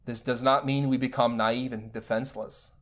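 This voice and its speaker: Male spiritual teacher, mid pitch, measured lecture delivery. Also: steady tone, a bit bright.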